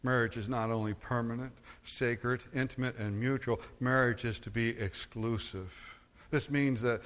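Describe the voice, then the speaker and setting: Emphatic preaching man in a reverberant hall. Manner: emphatic preaching, swings from low and measured to high and forceful. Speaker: pastor. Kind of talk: sermon.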